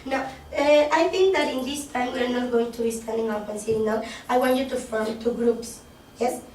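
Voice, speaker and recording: Lady running a classroom workshop, kinda high voice, echoey room heard from far off, bit of hiss. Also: normal speed, a little mellow. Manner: quizzes the group, checks in with "okay?" and "yes?". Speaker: workshop presenter. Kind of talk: interactive classroom presentation. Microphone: distant room mic. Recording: echoey classroom from afar, faint noise.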